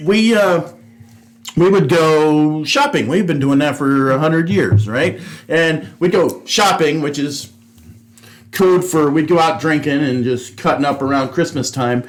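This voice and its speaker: A man's voice: on the high side, a little slow, a little hiss or hum. A man, a former police officer co-hosting a podcast, telling stories in casual chat and tossing in dry asides.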